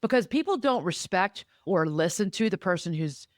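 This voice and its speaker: A woman's voice: lowish voice, no room sound, studio quality. Emphatic woman therapist hosting a podcast. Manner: emphatic, animated, talks in quick bursts. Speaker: therapist and life coach, podcast host. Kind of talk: casual podcast chat.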